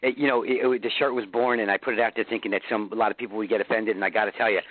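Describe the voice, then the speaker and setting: New York man, rapid and foul-mouthed radio guest, thin phone-line sound. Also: fairly low pitch, fairly even intonation, no room sound. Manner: loose, profane, laughs often. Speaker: guest musician. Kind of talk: casual radio interview chat.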